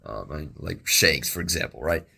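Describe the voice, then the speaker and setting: A young man giving casual reaction commentary, excitable and rambling, with slangy exclamations, recorded on an earbud mic. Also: extremely low pitch, moderate pace, vocal fry, husky. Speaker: reaction video host. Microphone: wireless earbud mic.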